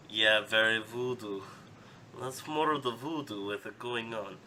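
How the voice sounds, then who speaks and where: A man running a tabletop game as game master, easygoing and quick to laugh. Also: lowish voice, pushed and bright, slight background noise.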